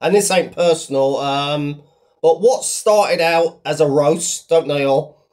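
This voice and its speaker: A man's voice: a little high, slow, darkish tone. A man giving mocking online commentary about rivals, rambling with lots of fillers and a sneering tone.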